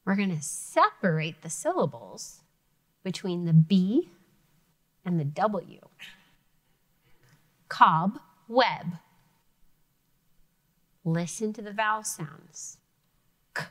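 A woman teacher giving an elementary phonics lesson, sounding out words carefully and clearly for young students. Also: on the low side, expressive, slow.

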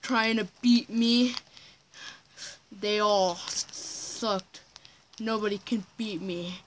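A woman's voice: medium pitch, fairly even intonation, takes it slowly, a little hiss or hum, lightly acted. A woman voicing a boastful, threatening evil old grandpa in improvised game role-play, with gloating lines and cackling laughs.

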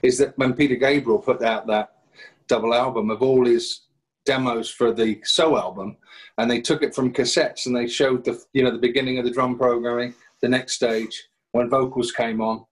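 A songwriter man speaks as a podcast guest, spinning long stories with animated asides. His voice sits at an everyday middle pitch, neither high nor low. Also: moderate pace, rough recording. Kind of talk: podcast panel conversation.

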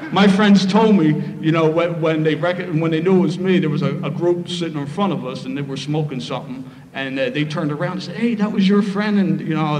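Philadelphia man telling a story in a hall. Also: sits high. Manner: lively, humorous storytelling. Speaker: speaker sharing his story. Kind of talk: recovery meeting talk, storytelling. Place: meeting hall. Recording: roomy hall, faint noise.

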